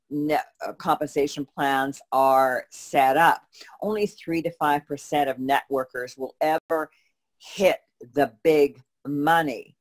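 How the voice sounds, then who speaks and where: A co-host answering questions in a casual chat, explaining steadily with frequent false starts and fillers. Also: mid-range voice. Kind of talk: casual conversational Q&A.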